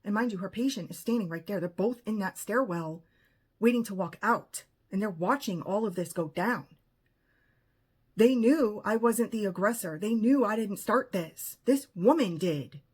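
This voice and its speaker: A woman's voice: mid-range voice, expressive, normal speed, a little mellow, husky. A woman telling a personal story in an emphatic, indignant way and acting out what was said. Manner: emphatic, indignant retelling with acted-out quotes. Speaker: vlogger.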